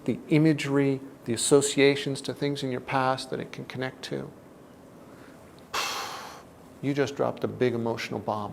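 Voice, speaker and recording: Man, self-help teacher; gravelly, measured delivery that sinks soft and low. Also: slight background noise. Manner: deliberate, often drops to a soft, low tone. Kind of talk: reflective teaching talk.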